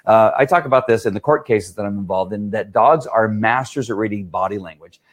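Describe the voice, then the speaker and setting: A man's voice: lowish voice, brisk. A middle-aged man, a dog trainer, answering questions in a casual talk and often checking in with "right?". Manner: chatty, keeps asking "right?".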